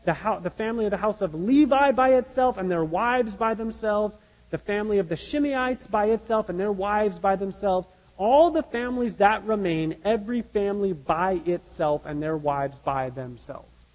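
High-voiced man preaching in a reverberant hall. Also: moderate pace. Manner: earnest, emphatic preaching with rhetorical questions. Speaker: pastor. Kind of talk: sermon.

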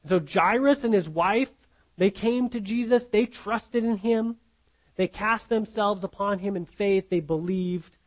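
Man, high voice, preacher, sermon, earnest teaching, repeats key phrases. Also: low-quality recording.

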